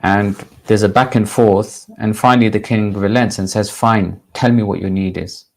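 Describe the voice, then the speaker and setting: A man who is a religious teacher, telling a moral story in a measured, deliberate sermon style. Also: on the low side, steady tone, gravelly, darkish tone.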